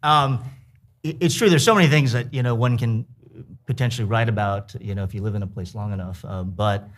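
Hesitant man with a low voice. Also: a little fast. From United States. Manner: hesitant, many fillers and restarts. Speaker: author at a book talk. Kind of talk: panel talk and reading aloud.

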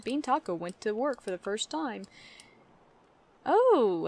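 A young woman talks her way through a life-sim game, chatting straight at her characters and laughing between lines. Her voice sits a little high and stays casual and unscripted. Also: sing-song, takes it slowly, a little mellow. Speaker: let's play gamer. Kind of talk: casual gameplay commentary.

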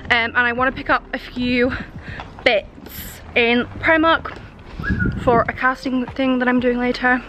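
A woman's voice: a little high, little pitch movement, measured pace, noisy background. Bubbly chatty young woman vlogger. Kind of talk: casual vlog chat to camera.

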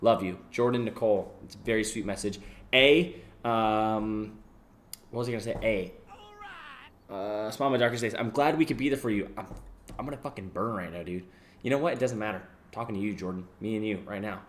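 A young man live-streaming, casually reading out donations and thanking viewers, swearing freely and yelling when a game goes wrong. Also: fairly low pitch, a little fast, a little hiss or hum. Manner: excitable, swears freely, yells during gameplay. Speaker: livestreamer.

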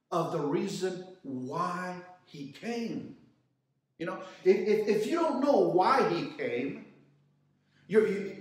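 A man leads a youth Bible lesson in a church in a high, animated voice, piling up rhetorical questions. He speaks slowly and often restarts his sentences. He is heard from a distance in a very echoey hall. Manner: preaches with repeated rhetorical questions and many restarts. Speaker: youth Sunday class teacher. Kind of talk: sermon-style Bible lesson.

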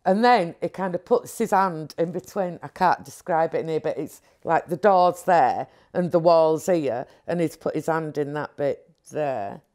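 A woman telling a candid personal story in an interview, animated and acting out movements as she talks. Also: sits low, a little slow, hardly any pauses. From England.

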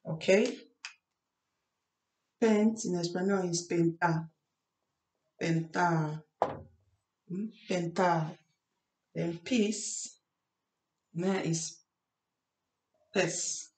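Slow, echoey woman teacher drilling spelling. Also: fairly low pitch, steady tone, a little mellow. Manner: spells words letter by letter, repeats each word, asks "hmm?". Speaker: English teacher. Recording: echoey room.

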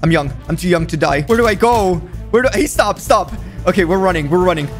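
A man's voice: sits high, animated, quick pace, soft background music. A young man giving frantic, jokey commentary while playing a video game, often panicking and pleading. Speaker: gaming YouTuber. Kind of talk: gameplay commentary.

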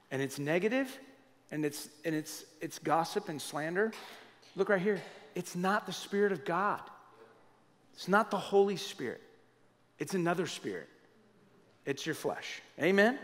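A middle-aged pastor with a slightly high voice preaching in a lively, conversational way, throwing questions out to his congregation. His sermon rings through a hall with a long reverb tail. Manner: conversational, animated preaching with audience asides.

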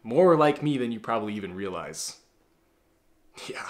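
A man's voice: mid-range voice, very animated, fairly quick. A man giving a casual motivational talk to the camera as a self-improvement coach, blunt and profane, calling the viewer bro.

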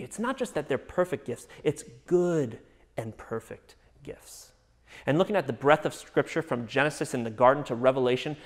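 A man preaching a sermon as a pastor, earnest, often dropping to a soft hush. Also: mid-range voice, long reverb tail. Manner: earnest, drops to a soft hush on reassuring phrases.

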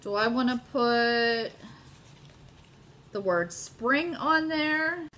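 Crafting live from her home, a middle-aged host chats excitedly and directly with her audience, gushing over what she makes. Her voice sits slightly high, she speaks extremely slowly, and a faint hiss or hum is audible.

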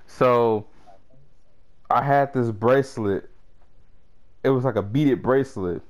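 A man's voice: mid-range voice, takes it slowly, a little mellow. A young man casually telling a story to friends while gaming, laughing and using slang and swearing. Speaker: gamer chatting with friends. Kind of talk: casual chat over online game. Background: music playing.

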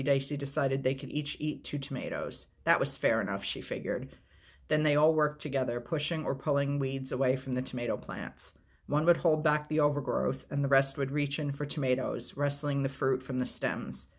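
Husky man reading a novel aloud. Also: medium pitch. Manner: steady, measured, unhurried. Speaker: storyteller.

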